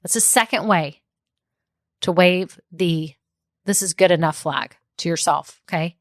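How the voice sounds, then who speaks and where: A woman's voice: medium pitch, fairly bright tone, no echo, clean studio sound. A woman hosting a solo podcast as a small business coach, talking in a chatty, upbeat way and laughing often.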